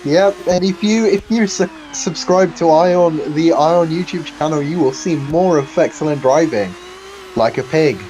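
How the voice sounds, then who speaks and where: A man's voice: fairly high pitch, a little slow, darkish tone, a little hiss or hum, rough recording. A man co-commentating a sim race in a casual, teasing way, with some hesitant restarts.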